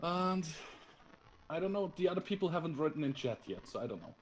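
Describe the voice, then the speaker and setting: A man's voice: on the high side, big pitch swings, a little fast. A man streaming a strategy game, chatting casually, laughing often and reading out viewer comments. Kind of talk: casual gaming stream chat.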